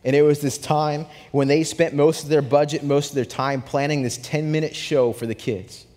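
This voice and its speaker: A young adult man preaching a sermon, telling a story with animated swings from hushed to excited. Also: fairly high pitch, moderate pace. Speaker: pastor. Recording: long hall reverb.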